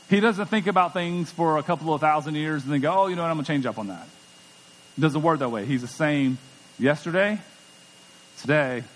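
A middle-aged man preaching a sermon as pastor, conversational and emphatic, often repeating words as he goes. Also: a little high. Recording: long church hall reverb.

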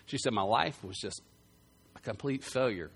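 A man preaching a sermon, telling a story with loud bursts that drop to quiet, earnest passages. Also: medium pitch, normal speed, vocal fry, husky. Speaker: pastor.

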